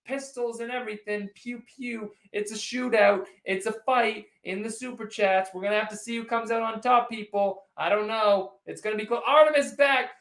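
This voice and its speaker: A man's voice: high-pitched, steady tone, fairly quick, hardly any pauses, fairly bright tone. A man hosting a casual postgame livestream, rambling and teasing as he answers viewers' chats directly. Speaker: sports livestream host. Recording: echoey room.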